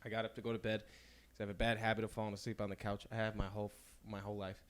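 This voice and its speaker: A man hosting a podcast in casual chat, rambling and halting, trailing off as he talks, with a slight slur at times. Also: fairly low pitch, little pitch movement. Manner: says his speech sometimes slurs slightly. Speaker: podcast host.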